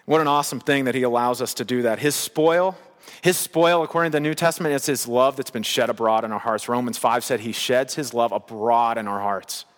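A man's voice: medium pitch, fairly even intonation, fast talker, hardly any pauses, in a large hall. A man preaching a sermon in a casual, conversational way, with bursts of emphasis. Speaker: pastor.

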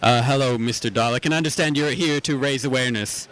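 A man's voice: mid-range voice, fast, a bit bright, low-quality recording. An Australian man hosting comedic interviews at a convention, asking absurd questions with a mock-earnest manner. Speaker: host, roving interviewer. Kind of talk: comedic vox-pop interviews. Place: outdoor convention.

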